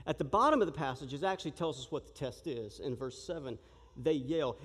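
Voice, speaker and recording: A man preaching a sermon in an animated, joking way, acting out the shouting crowd as he tells the story. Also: mid-range voice, a little fast, slightly rough. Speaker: pastor. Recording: long reverb of a large hall.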